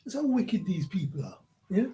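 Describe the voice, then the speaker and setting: Guy ranting on his vlog, lots of swearing, keeps checking in with the listener, warm low-toned voice. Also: sing-song, normal speed, rough recording. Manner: profane, repeats "yeah?" to the listener. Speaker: vlogger. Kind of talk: ranting commentary.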